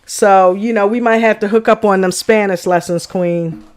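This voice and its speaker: A woman's voice: medium pitch, fairly even intonation, moderate pace, a little mellow. A woman from New Jersey co-hosting a reaction stream, talking in a loose, rambling way to her partner and live chat, with many fillers. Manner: chatty, rambling, many "you know"s. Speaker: reaction channel co-host.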